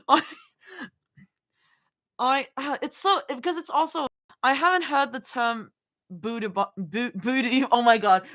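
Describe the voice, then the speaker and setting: Bright and pushed, her fairly high voice carries a live fanfiction reading by a young female streamer. She keeps breaking into giggles and talking with her viewers, reacting throughout.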